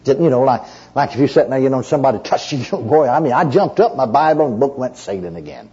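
A man's voice: mid-range voice, quick pace, warm tone, husky, dull audio. A male preacher giving a sermon as a personal testimony. He tells it in a folksy storytelling way, with constant "you know"s and restarts.

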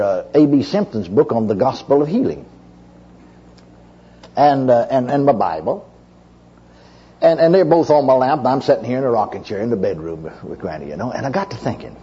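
Husky raspy preacher man, mellow dark tone, folksy storytelling sermon, dull lo-fi recording. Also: medium pitch. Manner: folksy storyteller, repeats "you know", restarts often. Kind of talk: sermon with personal testimony.

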